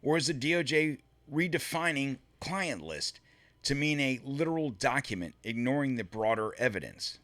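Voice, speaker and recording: A man's voice: mid-range voice, animated, moderate pace, a bit bright. A man hosting a solo political commentary show, reading from his script and breaking off to mutter and swear in frustration.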